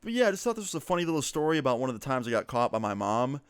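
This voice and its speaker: A man's voice: medium pitch, big pitch swings, racing, clean tone, dry recording. Young man casually telling a story. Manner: casual, profane, rambling with fillers. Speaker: vlogger.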